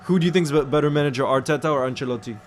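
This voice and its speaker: A slightly high-voiced man hosting a casual live football watchalong. He chats fast and loosely, reads viewer messages aloud and slips in French phrases now and then. A faint hiss of noise sits under his voice. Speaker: host of a live match watchalong stream.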